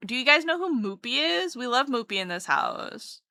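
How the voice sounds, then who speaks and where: A woman's voice: high voice, very animated, normal speed, few pauses, sharp tone, no room sound. A woman streamer chatting casually and playfully with her chat while drawing, rambling from one thought to the next. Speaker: streamer and artist.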